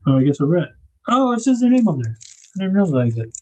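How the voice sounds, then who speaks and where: A man's voice: high-pitched, very animated, fast talker, mellow, rough recording. A man hosting a knife livestream, chatting casually and rambling as he unboxes gear. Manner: laid-back, rambling, thinks aloud with fillers.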